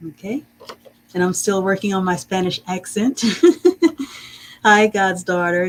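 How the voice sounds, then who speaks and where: A woman leads a live online reading lesson, encouraging her viewers and stretching each word out to sound it clearly. She speaks slowly in a somewhat low voice, with a faint background hum on the stream. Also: rough recording. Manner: slow, warm and encouraging, greets chat viewers; drawn-out careful pronunciation of words.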